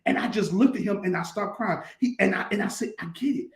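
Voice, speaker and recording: A man's voice: high voice, fairly quick, vocal fry, echoey room. A man, a pastor, talking casually and emphatically, telling stories with a lot of repetition. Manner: emphatic, repetitive, colloquial storytelling. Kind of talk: conversational talk-show teaching.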